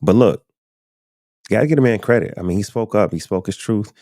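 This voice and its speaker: A man's voice: fairly low pitch, brisk, dark tone, dry recording, studio quality. A man hosting a live podcast stream, chatting loosely and speaking straight to his viewers. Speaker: podcast host. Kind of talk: casual live-stream commentary.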